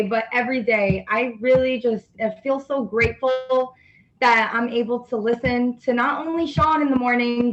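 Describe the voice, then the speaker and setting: A woman's voice: a little high, highs cut off. A woman calling in to a morning call, speaking in a grateful, earnest and gushing way. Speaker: caller. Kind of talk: casual heartfelt thanks.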